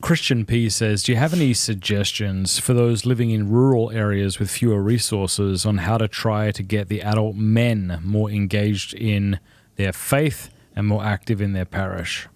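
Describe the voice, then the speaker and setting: Relaxed Australian man, dry close mic. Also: fairly low pitch, moderate pace, no echo. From South Australia. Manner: relaxed, reflective, joking. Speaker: podcast host reading viewer questions. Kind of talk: podcast conversation.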